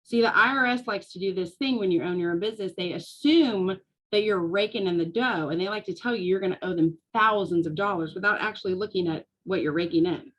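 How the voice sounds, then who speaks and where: Woman, forties, casual talk, lively storytelling, laughs often. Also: mid-range voice, brisk, dull audio. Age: 40s. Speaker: small business coach. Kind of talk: casual talk to a live audience.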